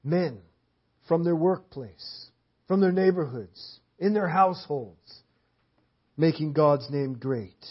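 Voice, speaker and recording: Slow and a little high, with a breathy edge, this man's voice carries a sermon in a church hall. He uses an emphatic, repetitive cadence, repeating phrases to land his points. The recording is dull and lo-fi.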